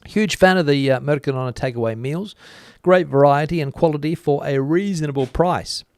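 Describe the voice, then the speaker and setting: A man's voice: fairly high pitch, normal speed, a little mellow, no room sound, studio quality. A middle-aged man hosting a casual livestream, reading out viewer comments with many hesitations. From Australia. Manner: hesitant, lots of uh fillers, reads out comments. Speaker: livestream host reading chat. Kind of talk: casual live chat.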